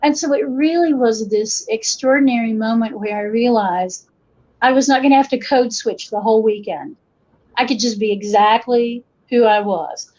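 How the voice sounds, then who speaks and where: Middle-aged Appalachian woman, folklorist guest, raised pitch, lo-fi recording, animated storyteller. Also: normal speed. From western North Carolina. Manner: animated, acts out quoted voices, frequent restarts. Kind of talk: conversational interview storytelling.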